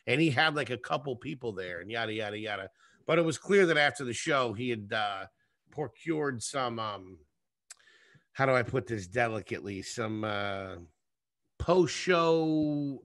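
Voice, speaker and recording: A man, a comedian guest, telling a rambling, profane story in a casual, animated way. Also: medium pitch, no echo, clean studio sound. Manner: profane, animated, acts out scenes.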